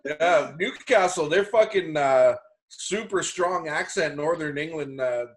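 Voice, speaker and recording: A man's voice: a little high, a little slow. A man hosting a podcast, talking in a casual, easygoing way. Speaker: podcast host. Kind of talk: casual chat.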